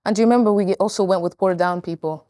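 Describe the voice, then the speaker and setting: A teenage girl with a Northern Irish accent, co-hosting a casual talk show in a relaxed, chatty way. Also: mid-range voice, very fast, dry recording, studio quality. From Nigeria. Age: teens. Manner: relaxed, chatty, many short agreements. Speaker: teen talk show co-host. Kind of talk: casual chat.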